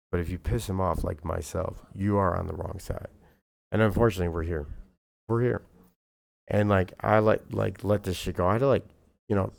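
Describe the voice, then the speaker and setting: A man's voice: low voice, gravelly, a little mellow. A man streamer ranting casually to camera, heated and profane, rambling with lots of fillers.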